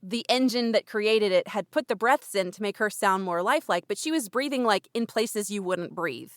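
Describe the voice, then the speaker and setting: A woman's voice: mid-range voice, normal speed, no echo. Casual young woman podcast co-host, chatty with a lot of filler, dry close mic. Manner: chatty, laughs often, frequent "like" and "um". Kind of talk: casual chat.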